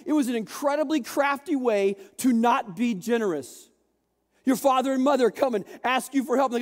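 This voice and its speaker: A male pastor preaching a sermon to a church congregation, lively and joking, acting out the voices of people in the story and getting the crowd to repeat words. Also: very high voice, normal speed. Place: large church hall. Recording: long reverb of a church hall.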